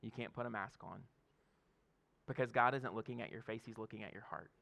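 Gravelly, bright-toned man preaching casually. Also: on the low side, a little fast. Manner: conversational preaching with frequent laughs and "okay?" asides. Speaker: pastor. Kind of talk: sermon.

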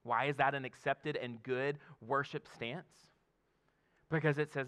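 A man's voice: mid-range voice, steady tone, a little slow, a bit bright, clear, resonant tone. A man in his thirties, a pastor, giving a conversational sermon with laughs and frequent "okay?" check-ins to the congregation.

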